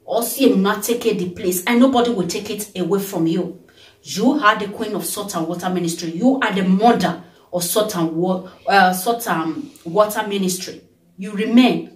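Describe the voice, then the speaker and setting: A Nigerian woman vlogger, tired, talking in an animated way and breaking into song and blessings. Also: medium pitch, moderate pace, far from the mic. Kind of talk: casual birthday tribute vlog with singing. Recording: roomy sound from off the mic.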